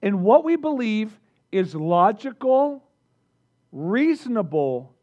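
High-voiced energetic man preaching. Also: slow, highs cut off. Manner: energetic, engages the audience with questions. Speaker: pastor. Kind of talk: sermon.

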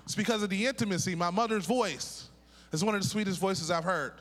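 A man's voice: sits high, brisk. A middle-aged man from Pittsburgh preaching a sermon as a pastor and prophet, joking and calling on the congregation to repeat after him. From Pittsburgh, USA. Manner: lively, joking, calls on the congregation to repeat words. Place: church sanctuary. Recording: echoey hall reverb.

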